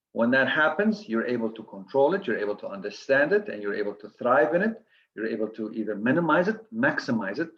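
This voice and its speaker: A man's voice: medium pitch, muffled recording. A man giving an earnest coaching lecture to physicians, listing steps with frequent restarts.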